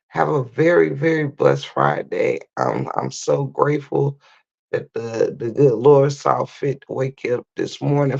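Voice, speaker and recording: A livestream host with a hoarse, nearly gone voice, half-whispering in a casual late-night chat. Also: medium pitch, lo-fi sound. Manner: half-whispering, drawn-out and laid-back.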